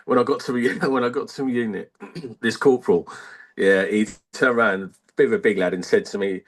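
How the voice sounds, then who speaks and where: A man, an army veteran telling stories in a casual radio interview, halting and rambling with many fillers. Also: low-pitched, a bit bright.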